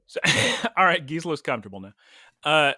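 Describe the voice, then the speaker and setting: Excitable guy co-hosting a podcast, pitch jumping all over, bright sound, dry recording. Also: normal speed, dry recording. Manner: playful, excitable, teasing. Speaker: podcast co-host. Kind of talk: casual chat.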